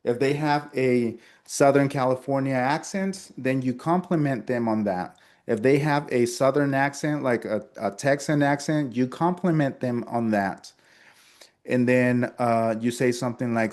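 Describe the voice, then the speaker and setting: A man's voice: medium pitch, a little slow, a little mellow. Spanish-native man coaching sales calls. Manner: acts out upbeat customer small talk, restarts often. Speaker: sales trainer. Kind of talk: instructional talk with role-played sales lines.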